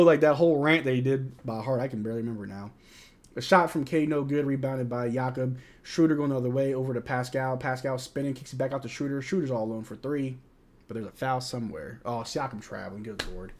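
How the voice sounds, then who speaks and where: Reading out chat questions and griping about plays as an annoyed fan, a young man from the United States hosts a live watch-along in loose, slangy banter. He talks fast in a mid-range, slightly mellow voice.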